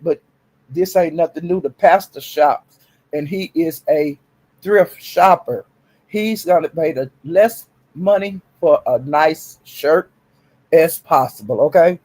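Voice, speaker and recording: Sassy guy streaming, high voice, jumps up even higher when he gets loud. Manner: animated, sassy, swings into high exclamations. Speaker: live-stream commentator. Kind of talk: casual live-stream talk.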